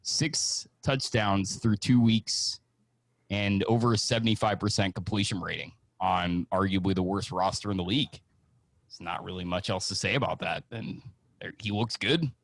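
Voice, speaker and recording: A man hosting a casual sports podcast, chatty and excitable as he leads the talk. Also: low-pitched, moderate pace, gravelly, no room sound. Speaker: host.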